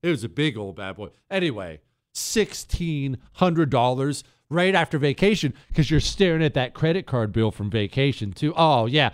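A man's voice: mid-range voice, lively intonation, moderate pace, no room sound. A man hosting a talk show, ranting sarcastically in a casual monologue into a studio microphone. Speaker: radio talk show host.

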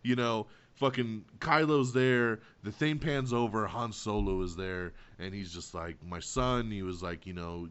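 An excitable, foul-mouthed man hosts a casual podcast chat and acts out quotes as he goes. His voice sits low. The sound is dull and lo-fi. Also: a little slow, hardly any pauses, clear, resonant tone. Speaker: podcast host.

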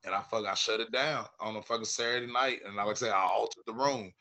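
Male stand-up guest, bright edgy voice, loose profane storytelling. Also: on the low side, quick pace. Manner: animated, profane, acts out quoted voices loudly. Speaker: stand-up comedian, podcast guest. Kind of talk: casual storytelling chat.

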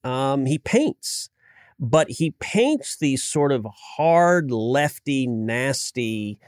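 A man's voice: medium pitch, lively intonation, drawn-out words, no echo, clean studio sound. A man in his forties from the United States, a senator chatting as a podcast guest, telling stories with frequent restarts and stammers. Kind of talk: casual political podcast chat.

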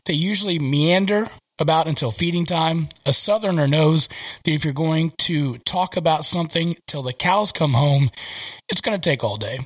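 Southern man podcast host, slightly higher voice, rambling chatty delivery. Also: moderate pace, a bit bright. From American South. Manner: rambling, filler-heavy. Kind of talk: casual chat. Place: home office.

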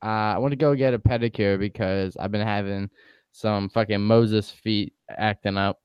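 A man's voice: fairly low pitch, steady tone, normal speed, smooth, no room sound, lo-fi sound. A young man co-hosting a podcast, telling a laid-back story in casual chat, laughing often and swearing. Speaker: podcast co-host.

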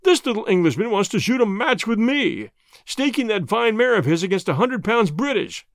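Braggart, storybook: man reading as a loud swaggering show-off, high and lively. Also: moderate pace, no room sound, clean studio sound. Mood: bragging. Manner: swaggering and mocking, laughing at others. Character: boastful rich man, loud, mocking bragger.

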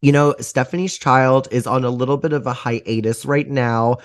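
Man, podcast guest, campy, theatrical, gushing, mid-pitched voice. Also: fairly even intonation, normal speed. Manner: campy and theatrical, calls people honey; enthusiastic, gushing. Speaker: podcast guest, drag performer. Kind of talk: casual chat.

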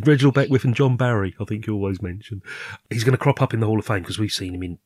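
A man hosting a podcast in casual film chat, rambling and hesitant, often trailing off softly. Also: fairly low pitch, fast, breathy edge, no room sound, clean studio sound. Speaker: podcast host.

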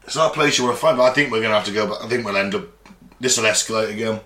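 A man's voice: on the low side, rapid-fire, pushed and bright, roomy sound. A man co-hosting a podcast in casual chat, blunt and swearing freely. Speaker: podcast co-host.

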